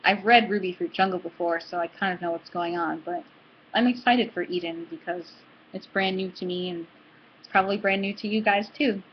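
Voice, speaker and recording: A woman's voice: fairly low pitch, fairly even intonation, normal speed, lo-fi sound, a little hiss or hum. A woman running a book club video, reading a novel aloud and then chatting earnestly with her viewers. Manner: earnest and chatty, a little breathless.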